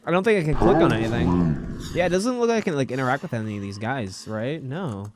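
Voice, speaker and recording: A man hosting a casual let's-play, excitable, stammering and laughing often. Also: medium pitch, brisk. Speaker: gaming channel host. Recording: noisy background.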